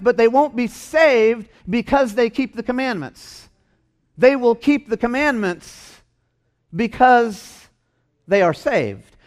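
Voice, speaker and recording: A man preaching a sermon in a church, stressing and repeating his key phrases. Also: sits high. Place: church hall.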